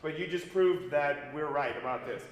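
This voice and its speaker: An American man runs a singing master class, coaching singers on diction and breath and breaking into short sung examples mid-sentence. He's lively and demonstrative, with a somewhat high voice at a normal speed. The recording is echoey and distant, made in a large recital hall with faint piano.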